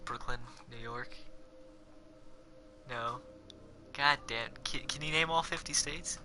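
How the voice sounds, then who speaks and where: A young man hosting a casual podcast chat, rambling and profane, with frequent animated bursts. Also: mid-range voice, slow, slight background noise. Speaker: podcast host.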